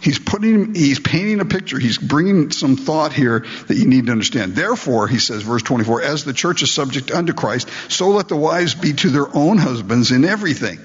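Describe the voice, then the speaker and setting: A man's voice: mid-range voice, lively intonation, fairly quick, few pauses, slightly rough, in a large hall, dull audio. A man preaching a sermon in an emphatic, conversational way, full of rhetorical questions. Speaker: pastor.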